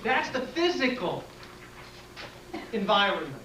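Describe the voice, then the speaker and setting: A man's voice: high-pitched, sing-song, unhurried, sharp tone. Lecturer, male, plain-spoken and direct, taking class questions; echoey room, distant mic. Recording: echoey room taped from afar, faint hiss.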